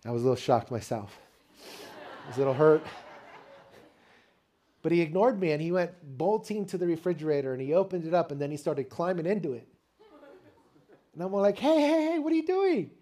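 Warm-voiced preaching grandfather. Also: on the high side, a little fast, long pauses. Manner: animated storytelling preacher with call-and-response. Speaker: pastor. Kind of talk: sermon.

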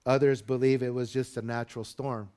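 Male pastor, sermon, earnest, expressive, middle-pitched voice. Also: fairly quick, clear, resonant tone. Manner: earnest preaching, rising loud and high when dramatizing the disciples.

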